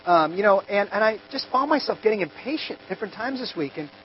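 A man in his forties preaching a sermon, telling personal stories and swinging from soft and low to loud and emphatic. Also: animated, fast. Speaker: pastor. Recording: slightly dull audio with faint hum.

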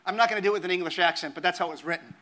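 A man's voice: sits high, very fast, sharp tone. A man preaching a sermon as pastor, earnest and conversational, leaning on emphatic repeated phrases.

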